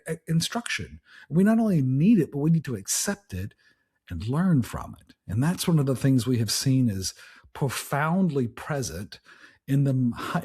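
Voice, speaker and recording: Husky man giving casual motivational talk. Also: mid-range voice, darkish tone. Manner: conversational, many restarts and "right?" tags. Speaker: podcast host.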